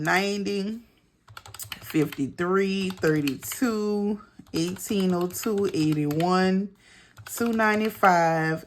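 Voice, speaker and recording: A middle-aged woman talks through her monthly budget in an unhurried, drawn-out way, calling out figures and chatting to her viewers as she goes. Her voice sits on the lower side, and typing on a keyboard can be heard behind her. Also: a little hiss or hum. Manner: chatty, talks to viewers as girl and y'all while adding up figures. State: out of breath. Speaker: budgeting vlogger. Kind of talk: casual budget walkthrough.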